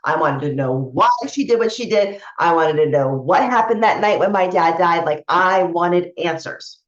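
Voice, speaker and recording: A woman's voice: on the low side, normal speed. A woman who coaches others on spiritual matters, telling a personal story in a candid, rambling way, with restarts and casual swearing. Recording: echoey room, dull lo-fi sound.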